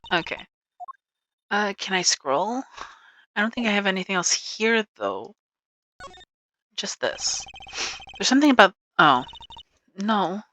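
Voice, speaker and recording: A woman's voice: medium pitch, sharp tone, slight background noise. A woman casually commentating a game she plays, chatty and giggly, reading dialogue aloud. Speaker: let's play streamer.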